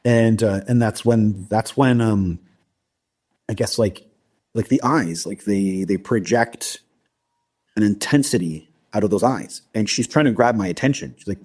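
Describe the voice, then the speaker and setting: Man, interview guest, dark mellow tone, breathy, halting storytelling. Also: on the low side. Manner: halting, many restarts and fillers. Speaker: guest recounting an abduction experience.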